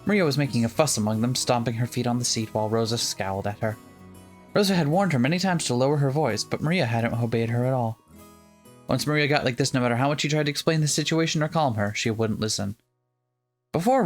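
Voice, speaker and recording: A let's-play co-host narrating a visual novel in an even, mid-range voice, reading the passages steadily but with a playful streak that breaks through between them. The delivery is casual rather than polished. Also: mid-range voice, quick pace, soft background music. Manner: playful, breaks into laughter and jokes.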